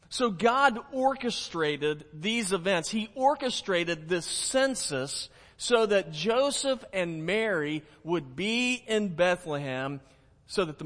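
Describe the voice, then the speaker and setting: Man, pastor, folksy sermon, teasing the congregation, high voice, long echoing hall. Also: fairly bright tone. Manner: folksy, joking with the congregation, slowing for emphasis. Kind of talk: sermon with a told joke.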